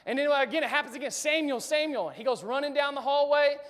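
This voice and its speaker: Male pastor, high-pitched, casual and energetic sermon delivery, reverberant sanctuary. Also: quick pace. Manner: energetic, casual, talks straight to the congregation and jokes. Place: church sanctuary. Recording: reverberant hall.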